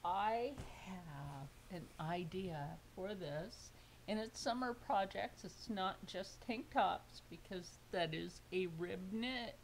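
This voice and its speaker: A woman's voice: mid-range voice, slow pace, a little hiss or hum, rough recording. A woman vlogging a casual unboxing of fabric for her sewing channel, gushing and squealing over each piece.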